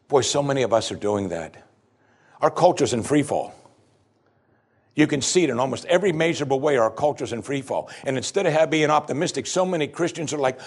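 Husky, lively male preacher. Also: mid-range voice, a little fast. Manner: dramatic scripture reading, rising loud for the psalmist's lament. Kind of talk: sermon.

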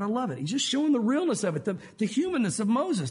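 High-voiced pastor preaching in church. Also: male voice, fast talker, hardly any pauses. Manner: animated, acts out quotes from scripture. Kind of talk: sermon.

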